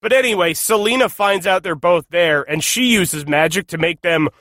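A man's voice: high-pitched, normal speed, pushed and bright, no echo, clean studio sound. A man recapping a movie on a podcast in a profane, exasperated rant. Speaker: podcast guest.

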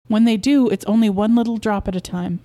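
A woman's voice: mid-range voice, a little fast, lightly acted. A woman reading as an eager, pushy beekeeper husband. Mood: excited. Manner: coaxing, excitable, insistent. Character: eager proud middle-aged male beekeeper husband.

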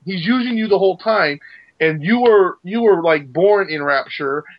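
A man co-hosting a podcast, telling a story in an excitable, rambling way. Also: high voice, moderate pace. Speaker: podcast co-host. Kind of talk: casual podcast chat. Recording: dull lo-fi sound.

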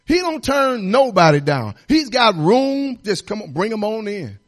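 A man's voice: high voice, big pitch swings, normal speed. A man pastor preaching a sermon in a folksy, repetitive, exhorting way, building emphasis as he goes.

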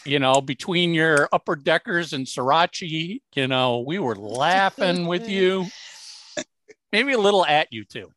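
A man's voice: a little high, expressive, moderate pace, fairly bright tone, a little hiss or hum. A man hosting a casual podcast, teasing his co-hosts and often restarting his sentences. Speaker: podcast host.

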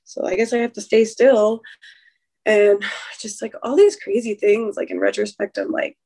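A woman's voice: mid-range voice, fairly even intonation, normal speed, gravelly, warm tone, slightly rough. Woman retelling a hard birth story. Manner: rambling, many fillers and restarts. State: emotional, recounting trauma. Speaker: guest sharing a birth story. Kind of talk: personal storytelling in an interview.

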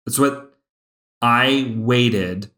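A podcast co-host chats casually at a middle pitch, full of eager energy like an excited fan. As his excitement builds, his pace surges and then slows again. The room adds a noticeable, roomy echo to his voice.

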